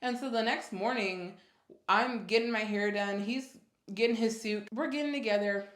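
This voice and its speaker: A woman in her twenties telling a personal story casually, jumping high in pitch for quoted reactions. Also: moderate pace, fairly bright tone, reverberant. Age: 20s. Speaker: vlogger.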